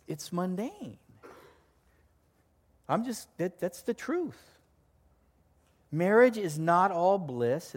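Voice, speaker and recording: Speaking at a medium pitch with a slightly mellow tone, an older man delivers a sermon as pastor in a large hall. His style is chatty and full of jokes as he tells stories to the live congregation.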